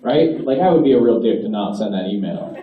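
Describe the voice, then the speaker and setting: A man's voice: on the low side, expressive, fairly quick. A man doing a stand-up routine, ranting with growing exasperation at a live comedy venue. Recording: distant, dull, echoey audience recording. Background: audience laughter.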